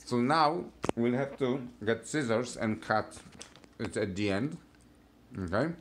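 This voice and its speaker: A woman's voice: a bass voice, lively intonation, slow pace, slight background noise. A woman hosting a casual family video, asking the children upbeat, coaxing questions. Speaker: family vlog host.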